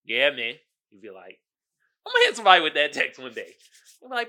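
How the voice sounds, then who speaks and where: Bright, lively-voiced male podcast host. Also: a little high, fairly quick. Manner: animated, exclaiming, laughing often. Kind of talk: casual solo commentary.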